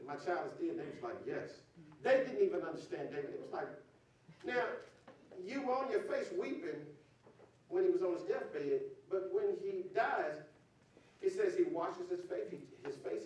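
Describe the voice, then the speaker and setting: A man preaching a sermon as pastor, talking to his congregation as y'all and rising into shouts. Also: sits high. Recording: echoey hall, distant mic, faint ambience.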